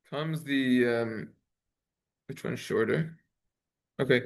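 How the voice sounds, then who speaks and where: A man's voice: sits high, lively intonation, fast, bright, forceful tone. Man, rabbi, teaching a halacha lesson, singsong text reading, conversational, self-correcting. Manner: reads Hebrew text in a singsong chant, then translates. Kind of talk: Talmudic study lesson.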